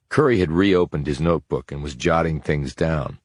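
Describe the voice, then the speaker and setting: A man softly whispering his way through a crime audiobook. His voice is extremely low and husky, recorded dry and close. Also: normal speed, few pauses, no room sound. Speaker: audiobook narrator. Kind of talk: whispered narration.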